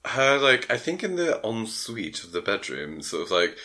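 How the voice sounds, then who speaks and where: Low-voiced man recapping rambly. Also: big pitch swings, normal speed, sharp tone. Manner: rambling, full of "um" and "like". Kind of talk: casual chat, film plot recap.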